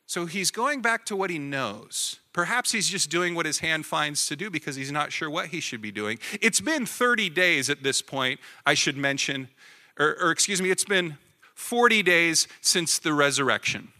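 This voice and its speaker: Man, pastor, sermon, very bright voice, slightly high pitch, casual preaching with restarts. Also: moderate pace. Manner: conversational preaching, rising to animated emphasis; self-correcting, repeats words.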